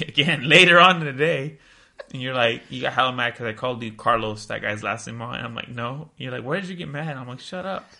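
Laid-back young man with creaky voice. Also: medium pitch, pushed and bright. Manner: laid-back, teasing, quoting texts aloud. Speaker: podcast co-host. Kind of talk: casual chat.

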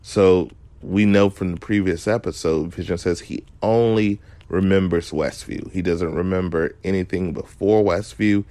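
Deep-voiced man recapping an episode. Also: dry recording. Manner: analytical, emphatic, frequent restarts. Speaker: video creator recapping a show episode. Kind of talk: casual recap commentary.

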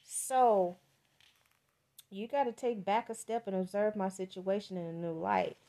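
A woman's voice: mid-range voice, steady tone, a little slow, vocal fry, dark tone. A woman giving a casual tarot reading for a podcast, talking in a chatty, emphatic and profane way, often repeating words to drive a point home. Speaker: tarot reader.

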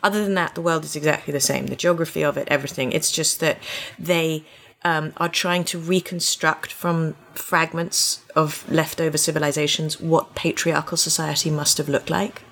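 Low-voiced woman hosting a book chat. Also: fairly even intonation, moderate pace, vocal fry, hardly any pauses, fairly bright tone. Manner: enthusiastic, gushing. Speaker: podcast host. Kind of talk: casual interview chat about books.

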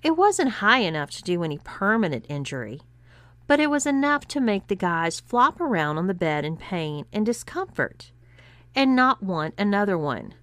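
A woman reading an erotic story aloud as narrator, voicing every character with lively pitch shifts. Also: moderate pace, dry recording.

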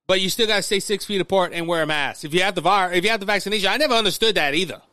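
A man's voice: high-pitched, fast, few pauses, sharp tone, no echo. A man from Louisiana, hosting a political commentary podcast, stumbling through restarts and addressing listeners as folks. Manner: repetitive restarts, talks straight to listeners as folks. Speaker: podcast host.

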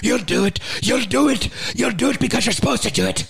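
A stern old nun barks clipped orders in a half Irish accent, as a man puts her on. The voice sits high and scolds, with a gravelly edge. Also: a little fast, a bit bright, exaggerated voice. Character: stern old woman nun teacher, strict.

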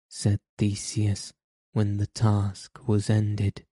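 A man narrating a storybook in a steady, measured way. His voice is deep-toned and mellow, and the delivery stays very slow and even. The sound is close and dry. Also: no room sound.

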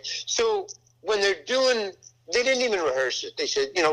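A man's voice: a little high, fairly quick, rough recording. An older man casually telling a rambling anecdote about a film set, acting out the voices in it. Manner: rambling, animated, acts out voices in his story. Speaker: actor telling a set story.

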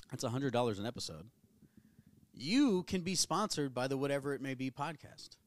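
A man's voice: mid-range voice, no echo. A man from the New area, hosting a casual solo podcast and rambling candidly with plenty of profanity. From New Orleans area. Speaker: podcast host.

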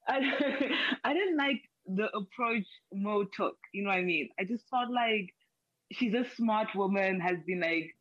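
A woman's voice: medium pitch, a little slow, fairly bright tone, no echo. Dry, muffled woman rambling casually. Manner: rambling, many "like" fillers and restarts. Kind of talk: casual chat.

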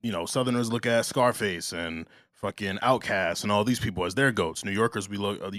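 A man's voice: on the low side, fairly quick, fairly bright tone, no echo, studio quality. A man from New Jersey co-hosting a casual talk show, rambling with lots of "like" and restarts. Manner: conversational, filler-heavy with restarts. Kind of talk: casual chat.

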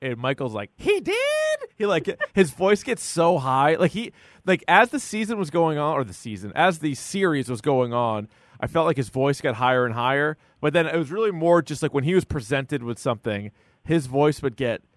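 A man co-hosting a podcast chats casually about a true-crime series, saying "like" a lot and acting out what people said. His voice sits a little high with lively intonation at a moderate pace, and the studio recording is clean and dry.

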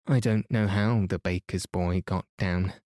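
A man narrates a bedtime story in a calm, soothing way. His voice is lowish and very slow, and the recording is close and dry with no room sound. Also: no room sound. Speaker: podcast host and reader.

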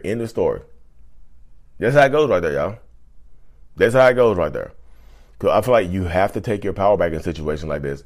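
A man vlogger giving blunt relationship advice straight to camera, emphatic and repeating his points. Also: low-pitched. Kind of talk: casual advice talk to camera.

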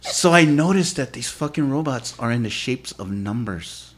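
A man's voice: medium pitch, lively intonation, normal speed. A man co-hosting a podcast, telling a wild story in casual chat with slang and swearing. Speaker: podcast co-host.

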